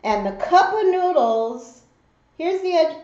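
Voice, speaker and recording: A woman's voice: extremely high pitch, slow pace. A woman hosting an eating show and telling a story, acting out the voices of the people in it. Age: adult mother. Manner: animated storyteller who acts out the voices in her story. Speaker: mukbang host. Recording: roomy, slightly dull home recording.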